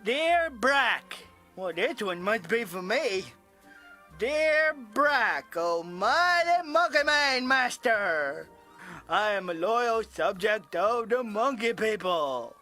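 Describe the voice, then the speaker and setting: Goofy, very high and bright-toned childish cartoon alien, slow delivery. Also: male voice, sing-song, faint music behind, exaggerated voice. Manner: goofy, loud and childish, easily hurt. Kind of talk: TV cartoon voice acting.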